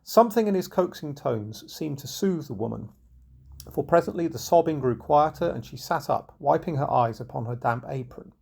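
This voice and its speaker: A man narrating an old folk tale in a measured, unhurried storybook reading. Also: a little high, expressive, gravelly, darkish tone, husky.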